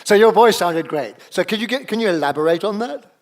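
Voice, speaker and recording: Energetic male workshop leader. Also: sits high, a little fast. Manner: energetic, coaxing, calls out to the audience. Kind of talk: leading an improvisation exercise. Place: seminar room with a live audience.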